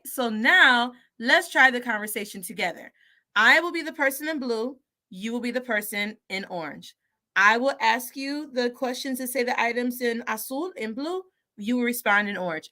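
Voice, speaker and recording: A woman teaching Spanish in an energetic, playful video lesson, switching between English and Spanish and acting out both sides of a dialogue. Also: fairly high pitch, normal speed. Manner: models dialogue by playing both speakers.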